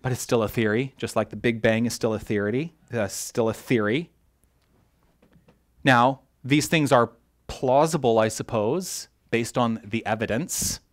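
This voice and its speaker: A man preaching a sermon as a minister, animated and joking with his congregation, tripping over his words when excited. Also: medium pitch, unhurried. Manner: animated, self-interrupting, jokes with the congregation. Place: church hall.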